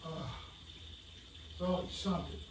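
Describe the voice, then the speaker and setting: A man building model train benchwork mutters, grunts and curses to himself while he works, out of breath. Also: normal speed. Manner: grumbling, cursing, grunting with effort. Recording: roomy, distant mic, noisy background.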